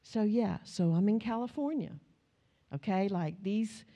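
A woman's voice: medium pitch, unhurried, warm tone, muffled recording. A middle-aged American woman preaching a sermon, telling stories in a conversational way and building to emphatic, repeated declarations. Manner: storytelling, conversational, rising to emphatic repetition.

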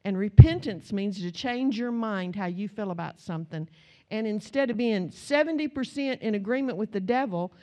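A woman's voice: medium pitch, animated, moderate pace, darkish tone. A middle-aged American woman preaching a sermon, telling stories in a conversational way and building to emphatic, repeated declarations. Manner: storytelling, conversational, rising to emphatic repetition.

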